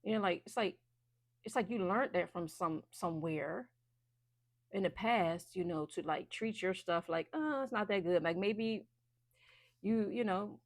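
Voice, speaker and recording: A woman's voice: on the low side, unhurried, pauses often, no room sound, clean studio sound. A woman giving a casual, chatty intuitive card reading, loose and full of fillers. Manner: chatty, loose, many fillers and restarts, laughs often.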